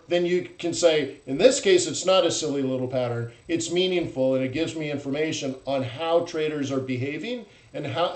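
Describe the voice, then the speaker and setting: A man hosting a live trading stream, talking bluntly and animatedly and mocking traders in loud put-on voices. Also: fairly high pitch, roomy sound, low-quality recording. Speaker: forex trading host. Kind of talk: live-stream market commentary.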